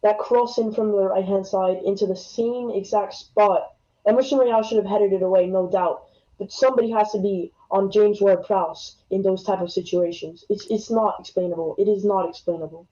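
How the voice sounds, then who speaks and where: A man's voice: high-pitched, steady tone, moderate pace, mellow. A fourteen-year-old American boy calling in with a slight English twang, earnest and hedging with ums. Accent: American with some English twang. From United States. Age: teens. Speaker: caller. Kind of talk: football opinion call-in. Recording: dull lo-fi call audio.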